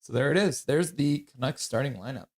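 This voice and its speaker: A man's voice: medium pitch, brisk. A man hosting a casual live stream, reading viewer comments aloud and greeting people by name, sniffly with a runny nose. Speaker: livestream host.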